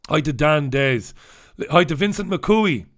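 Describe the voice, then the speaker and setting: A man's voice: a little high, expressive, unhurried, fairly bright tone. A middle-aged man from the UK hosting a casual livestream, reading the papers and greeting viewers in an irreverent, swearing manner. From United Kingdom. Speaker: host.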